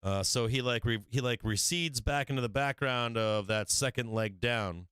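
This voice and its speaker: A man's voice: medium pitch, normal speed, a bit bright, clean tone, no echo. A man hosting a livestream market show, talking trading in a brash, profane, rambling way and laughing often. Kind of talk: casual livestream trading talk. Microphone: studio microphone.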